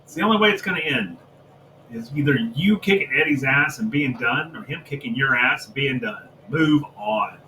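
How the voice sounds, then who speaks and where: A man's voice: medium pitch, animated, normal speed, pushed and bright, slight background noise, low-quality recording. A man co-hosting a wrestling review podcast, ranting heatedly and with lots of profanity about a storyline. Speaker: podcast co-host. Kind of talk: casual wrestling review chat.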